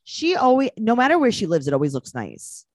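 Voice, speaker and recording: Lively sarcastic woman podcaster. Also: fairly high pitch, fairly quick, no echo, studio quality. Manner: animated, sarcastic, mimics people in quotes. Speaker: podcast co-host. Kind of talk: casual chat recapping a TV show.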